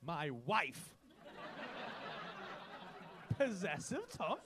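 A man's voice: extremely high pitch, big pitch swings, normal speed, bright, forceful tone. A man doing cheeky, sweary crowd work as a stand-up comedian in a comedy club. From England. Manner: cheeky, sweary banter with the audience. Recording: live club recording with crowd noise.

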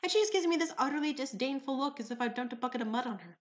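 A woman's voice: high voice, very fast, hardly any pauses. A woman vlogger telling funny everyday stories in a theatrical, wry, playful way. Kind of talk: comic storytelling vlog.

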